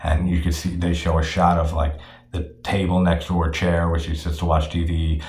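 Brief: low-voiced male host, loose profane film-recap talk, echoey room. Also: little pitch movement, moderate pace, a little mellow. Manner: rambling, profane, with frequent fillers and laughs. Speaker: horror film discussion host. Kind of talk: casual film recap and commentary.

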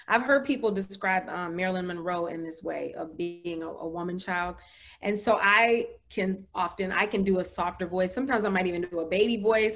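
A woman hosting a casual chat, enthusiastic and chatty. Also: medium pitch. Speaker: host.

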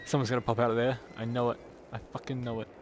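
A man streaming a game live, swearing often and yelping and shouting at what happens on screen. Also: mid-range voice, level tone, quick pace, very noisy. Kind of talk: live gameplay commentary. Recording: loud game sound behind the voice. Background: loud video game audio.

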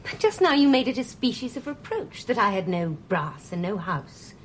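A woman's voice: mid-range voice, sing-song, slight background noise, natural voice. An actress playing a proud, reproachful young woman. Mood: indignant. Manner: formal, measured, reproachful. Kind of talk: period TV drama acting.

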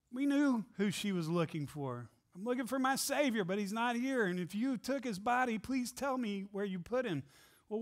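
Earnest high-voiced preaching man. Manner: earnest, asks repeated rhetorical questions. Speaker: pastor. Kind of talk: Easter sermon. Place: church sanctuary.

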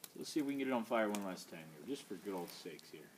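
A man's voice: lowish voice, expressive, racing, slight background noise. A tired man hosting a casual vlog outdoors by a fire at night. He jokes and rambles as he talks. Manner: joking, rambling. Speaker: vlogger host.

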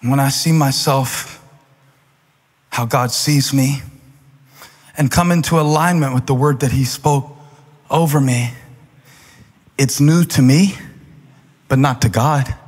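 A pastor preaching a sermon with fervor, building to shouted, repeated refrains in a large church auditorium. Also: male voice, mid-range voice, fairly even intonation, unhurried, long pauses, husky. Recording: long hall reverb.

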